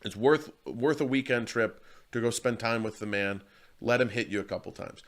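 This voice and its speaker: An earnest man talks about martial arts in a casual interview, with a voice of ordinary pitch. He rambles through stories, often restarting his sentences. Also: normal speed.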